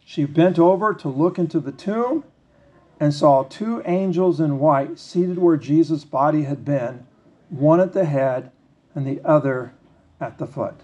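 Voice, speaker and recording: High-voiced man preaching conversationally. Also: dark tone, dull audio. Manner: conversational preaching, reads scripture slowly with pauses. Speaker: pastor. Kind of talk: sermon.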